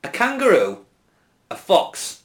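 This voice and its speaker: A man's voice: sits high, huge pitch swings, takes it slowly. A man co-hosting a comedy podcast, teasing and interrupting with playful banter. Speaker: podcast co-host.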